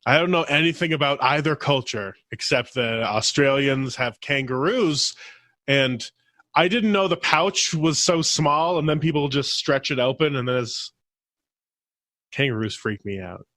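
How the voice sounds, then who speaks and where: A man's voice: mid-range voice, measured pace, bright, forceful tone, dry recording. A man hosting a podcast in casual chat, playful and teasing, cracking jokes. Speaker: podcast host.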